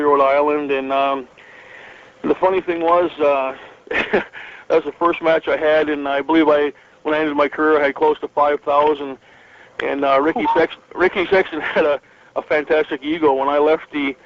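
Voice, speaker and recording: Middle-aged guy from northern michigan, rambling wrestling stories, kinda high but flat voice. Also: muffled recording. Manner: rambling, many fillers and restarts, chuckles often. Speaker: interview guest, retired pro wrestler. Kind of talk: relaxed storytelling interview.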